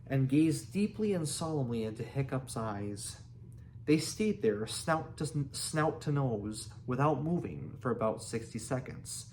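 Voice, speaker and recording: Man reading a storybook slowly. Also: medium pitch, darkish tone, a little hiss or hum. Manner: slow, halting reading with restarts. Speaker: reader. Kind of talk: reading a children's book aloud.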